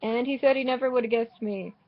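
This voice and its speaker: A woman's voice: fairly high pitch, quick pace, highs cut off. A woman giving casual, rambling commentary while playing a game, sarcastic and swearing, often restarting her sentences. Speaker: gaming vlogger.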